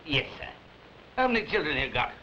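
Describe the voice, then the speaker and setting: An actor with a British accent playing a mean, cold old miser who scolds in curt, sneering, clipped phrases. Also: male voice, a little high, sing-song, a little fast, bright, forceful tone, a little hiss or hum. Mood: scolding. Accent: British English. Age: older. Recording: dull 1930s film soundtrack with music.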